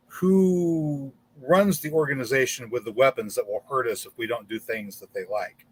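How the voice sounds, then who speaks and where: A man's voice: medium pitch, a bit bright. Rambling man hosting a livestream. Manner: rambling, with many halting repeated words. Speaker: channel host. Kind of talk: casual livestream talk. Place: indoor room in front of a green screen.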